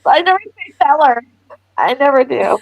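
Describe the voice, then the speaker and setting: A woman's voice: a little high, normal speed, dry recording, lo-fi sound. A woman co-hosting a live podcast, telling stories and laughing a lot. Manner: giggly storyteller, laughs a lot. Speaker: podcast co-host. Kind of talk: casual chat on a live stream.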